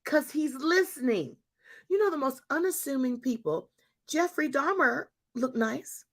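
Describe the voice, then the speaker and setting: A woman in her fifties giving a lively testimony to a congregation as a church speaker and host, talking straight to her audience. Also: high voice, unhurried. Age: 50s.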